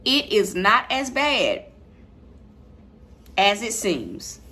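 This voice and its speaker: A woman's voice: medium pitch, wildly swooping pitch, drawn-out words, sharp tone, slightly rough. A woman preaching to her livestream viewers from home, repeating her points with emphasis. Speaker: online preacher. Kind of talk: livestreamed sermon. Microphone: livestream mic.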